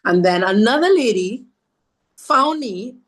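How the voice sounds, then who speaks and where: A woman from Trinidad, a podcast guest telling her story in an animated, self-mocking way. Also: fairly high pitch, measured pace. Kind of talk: storytelling conversation.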